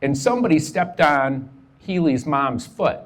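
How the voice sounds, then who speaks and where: A man's voice: a little high, lively intonation, unhurried. A middle-aged man telling a personal story in a casual, profane way, acting out the dialogue as he goes.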